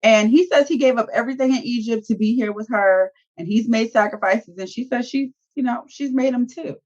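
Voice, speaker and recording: A woman's voice: on the high side, brisk, a little mellow, muffled recording. A woman co-hosting a casual reality-TV recap show, retelling scenes with profanity and acted-out quotes. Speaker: co-host.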